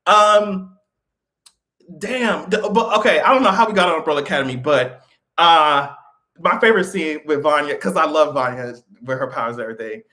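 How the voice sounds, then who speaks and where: A man's voice: fairly high pitch, normal speed, pushed and bright. A man hosting a pop-culture commentary livestream, ranting with heavy profanity and frequent laughter. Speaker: livestream host.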